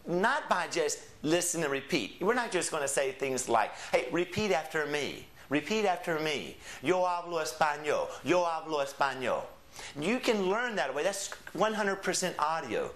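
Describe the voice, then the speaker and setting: A man talks through what his Spanish course covers, dropping in example phrases. His voice sits somewhat high for a man and swings widely in pitch. He keeps a chatty, explanatory teaching tone. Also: a bit bright. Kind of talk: promotional course lesson.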